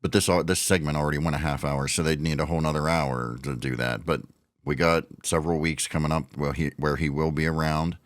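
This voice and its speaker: A man's voice: rumbling low, fairly even intonation, fairly quick, no room sound, clean studio sound. A man in his forties hosting a podcast, casually recapping and giving blunt opinions in a conversational way. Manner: blunt, conversational, recaps events with quoted lines. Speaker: podcast host. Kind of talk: casual wrestling commentary.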